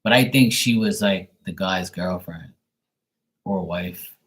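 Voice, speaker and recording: Slow and deep-voiced yet fairly bright in tone, this live stream host giving readings meanders through a casual story packed with slang and profanity. He performs both sides of the dialogue, and the sound quality is poor.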